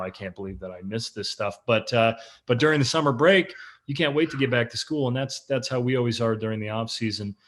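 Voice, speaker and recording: Man, 30s, quarterback, casual interview chat, joking and teasing, middle pitch. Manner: joking, teasing, playful storyteller. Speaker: professional football quarterback.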